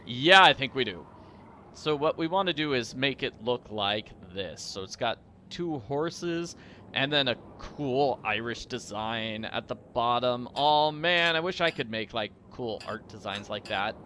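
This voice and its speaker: A man chatting through a mystery game in a goofy, self-deprecating way. His voice is bright and animated, with a faint hiss of noise underneath. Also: mid-range voice, measured pace. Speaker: let's-play host. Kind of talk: casual gameplay commentary.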